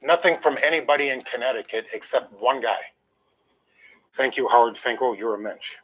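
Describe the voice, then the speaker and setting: A man's voice: medium pitch, normal speed, a bit bright, husky, poor audio. An older man, an interview guest, telling a long personal story in an emphatic, aggrieved way while holding back emotion.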